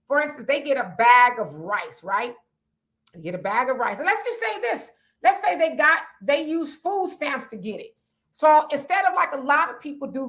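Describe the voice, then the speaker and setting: A woman with a raspy, bright, pushed voice on the high side co-hosts a casual livestream chat. She reads viewer comments aloud and answers them conversationally.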